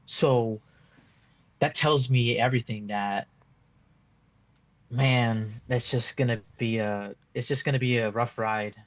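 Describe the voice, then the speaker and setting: A man's voice: medium pitch, steady tone, takes it slowly, long pauses, no echo, muffled recording. Rambling frustrated football fan, man. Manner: rambling, frustrated, many restarts and "like" fillers. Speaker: football fan being interviewed. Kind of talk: casual post-match fan reaction.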